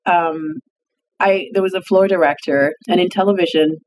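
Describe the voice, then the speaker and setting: A woman's voice: fairly low pitch, steady tone, background noise. Thoughtful woman journalist from East Africa. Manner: thoughtful, measured storytelling with pauses and fillers. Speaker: journalist guest. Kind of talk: reflective interview storytelling.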